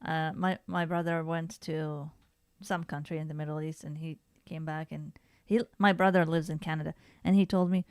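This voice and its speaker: Woman, podcast co-host, casual chat, laughs and restarts a lot, smooth lowish voice. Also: steady tone, moderate pace, hardly any pauses, darkish tone, no room sound, clean studio sound. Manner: chatty, laughing, frequent restarts.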